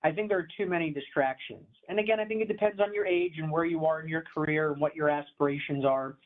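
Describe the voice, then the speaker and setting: A man with a fairly high voice gives a conversational interview as a commercial real estate advisor. His delivery is animated and emphatic but easygoing. The sound is thin and tinny, like a phone line. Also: quick pace.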